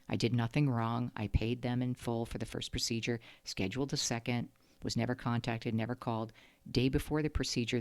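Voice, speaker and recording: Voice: mid-range voice, no room sound. A channel host retelling a phone dispute in casual, emphatic storytelling to camera.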